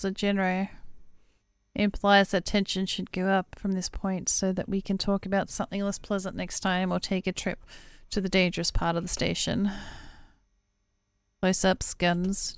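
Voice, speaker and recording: A woman's voice: on the low side, clear, resonant tone, dry recording, clean studio sound. A woman gaming streamer playing through a story game, reading the dialogue aloud and reacting casually between lines.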